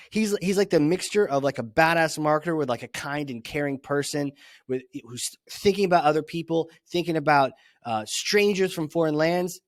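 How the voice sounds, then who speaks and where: A man's voice: on the high side, no echo. Hyped-up male podcast host, dry mic. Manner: hyped, swearing, playful banter. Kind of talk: energetic podcast interview.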